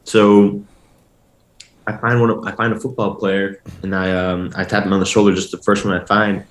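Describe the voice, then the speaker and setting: A man's voice: lowish voice, little pitch movement, normal speed. Young man rambling through a story. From family from Mexico. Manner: rambling, full of "like" and restarts. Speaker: guest. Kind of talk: casual storytelling. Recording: echoey room.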